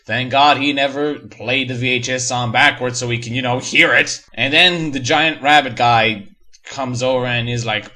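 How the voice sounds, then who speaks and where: A man's voice: mid-range voice, animated, brisk, sharp tone. A man reading a horror story aloud for comedy, breaking in with sarcastic, mocking asides. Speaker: story reader and reviewer.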